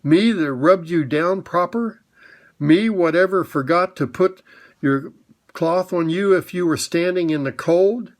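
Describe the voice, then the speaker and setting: A man voicing a plain-hearted cab driver, who talks in a blunt, rough working-class way. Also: sits high, unhurried, pitched above the performer's own voice.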